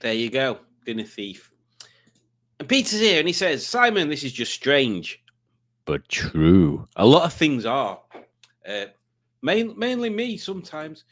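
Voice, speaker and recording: A man's voice: on the high side, sing-song, measured pace, fairly bright tone. Man, casual livestream quiz host, rambling chat, reads comments out, self-mocking asides.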